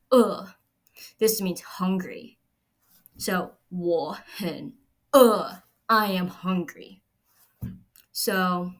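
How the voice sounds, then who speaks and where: Slow, patient woman teaching. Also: mid-range voice. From United States. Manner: patient, explaining step by step. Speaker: Chinese language teacher. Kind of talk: recorded slide lesson.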